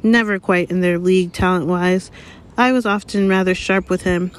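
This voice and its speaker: A woman voicing a stern, brisk older female professor in an audiobook, clipped and proper in manner. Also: fairly low pitch, steady tone, close to an everyday voice. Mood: rueful.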